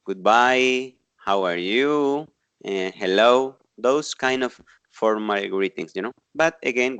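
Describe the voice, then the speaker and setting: Low-voiced male teacher, dry sound. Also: fairly bright tone, no room sound. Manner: encouraging, explaining with "you know" and "okay". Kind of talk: leading an online class.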